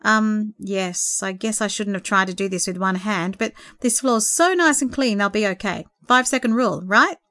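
A woman's voice: mid-range voice, brisk, dry recording, clean studio sound, lightly acted. A woman reading the part of a courteous young bachelor who talks in an earnest, slightly nervous way. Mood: sheepish. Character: young adult bachelor man, courteous, sheepish.

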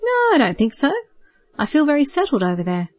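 A woman's voice: high-pitched, wildly swooping pitch, brisk, dry recording, voice pushed up. A woman voicing a polite, guarded young man who deflects his mother's questions, in a dry recording. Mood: defensive. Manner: polite, subdued, a bit defensive. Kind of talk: audiobook character voice.

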